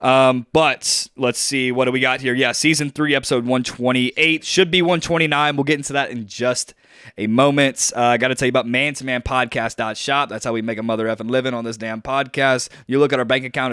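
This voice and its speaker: A young man co-hosts a podcast from home, rambling and joking with plenty of fillers. His voice is smooth and clear at a middle pitch. The sound is dry and close to the mic. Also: a bit bright, no echo. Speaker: podcast co-host. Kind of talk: casual podcast chat. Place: at home on a video call.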